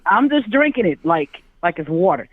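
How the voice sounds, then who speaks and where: A man's voice: high voice, moderate pace, dry recording. A man in his forties from Chicago, telling a story on a call-in chat and acting out the voices in it. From Chicago, USA. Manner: animated, acts out quoted voices. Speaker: guest. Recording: tinny phone line, dry.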